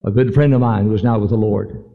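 A man's voice: fairly low pitch, steady tone, fast talker. Fervent male preacher in a large hall. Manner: earnest, fervent storytelling, pleading invitations. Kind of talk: sermon with storytelling and altar call. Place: large church meeting hall. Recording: lo-fi live recording in a large hall.

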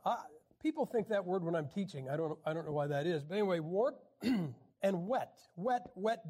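A man teaching a Bible class in a folksy, joking way, often clearing his throat and restarting his sentences. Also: high voice, a little mellow. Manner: frequent throat clearing and restarts, jokey asides. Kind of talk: folksy teaching talk with jokes.

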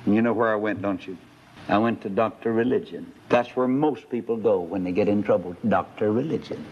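A man's voice: fairly low pitch, a little fast, breathy edge. A male preacher telling a sermon story and putting rhetorical questions to his listeners. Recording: dull lo-fi recording.

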